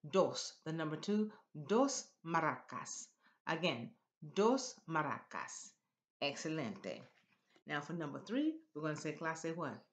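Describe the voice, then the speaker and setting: A woman teaching a Spanish class, slowly drilling words in a sing-song way for students to repeat. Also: deep voice. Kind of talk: classroom language lesson.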